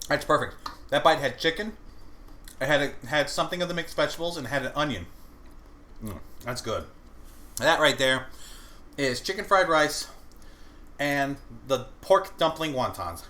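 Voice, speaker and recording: A man's voice: on the high side, lively intonation, normal speed, pauses often, sharp tone. A young man chatting casually with his viewers during a cooking livestream, explaining each step and chewing as he goes. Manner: chatty, talks to chat while cooking and eating. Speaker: vtuber cooking streamer.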